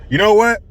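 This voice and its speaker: A man giving a sarcastic, profane rant as a vlogger. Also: fairly bright tone. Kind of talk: ranting commentary. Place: California.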